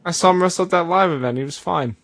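A man's voice: high-pitched, fast talker, fairly bright tone. A man co-hosting a casual podcast, an eager fan who gets defensive. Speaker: podcast co-host. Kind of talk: casual wrestling chat.

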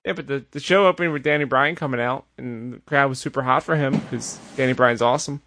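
A man's voice: mid-range voice, quick pace, gravelly, a bit bright, a little hiss or hum. A man co-hosting a podcast in casual chat, explaining at length and laughing easily. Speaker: podcast co-host.

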